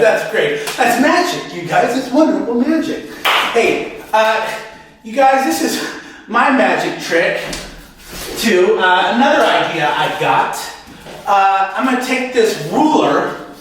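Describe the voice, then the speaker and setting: A man's voice: high voice, fairly bright tone, slight background noise. A man doing a homemade comedy sketch, giggling and rambling, calling out to the audience. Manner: giggly, rambling, keeps saying "you guys". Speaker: amateur comedian. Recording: echoey room from far off.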